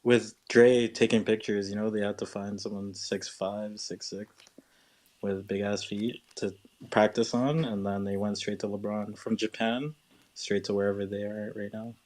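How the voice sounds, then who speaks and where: A man's voice: fairly low pitch, level tone, moderate pace, a little mellow. A man rambling through his thoughts in a casual live audio chat, leaning on "like" and "right".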